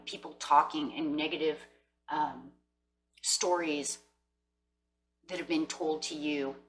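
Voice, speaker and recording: A woman with a low, forceful voice gives a casual, motivational tarot reading and speaks right to her listeners. She sounds earnest and encouraging. Her voice comes from a bit away from the mic, with a faint hum underneath. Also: distant mic, rough recording. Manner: earnest, encouraging, talks straight to viewers. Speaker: tarot reader.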